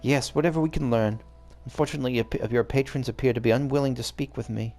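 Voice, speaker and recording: A man's voice: mid-range voice, fairly even intonation, quick pace, darkish tone, soft background music, lightly acted. A man reading aloud the subdued lines of a guarded young noblewoman in a game.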